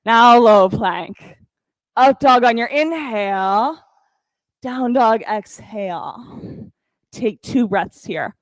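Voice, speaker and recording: A woman teaching a yoga class, calmly counting breaths and cueing poses with encouragement. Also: fairly high pitch, slow, pauses often, dry recording, poor audio. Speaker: yoga instructor. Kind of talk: guided yoga class cues.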